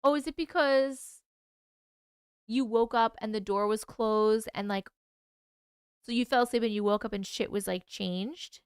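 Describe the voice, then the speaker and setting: A woman's voice: fairly high pitch, unhurried, long pauses, clean tone, dry recording, studio quality. Sleepy, chatty woman streamer. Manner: chatty, yawning, reacting to chat with swearing and laughs. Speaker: livestream host reading viewer stories. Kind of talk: casual livestream chat.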